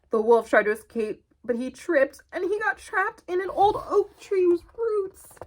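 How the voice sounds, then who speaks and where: A woman's voice: high voice, takes it slowly, a little hiss or hum. A woman librarian reading picture books to children in a virtual storytime and asking them questions. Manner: animated, asks children questions.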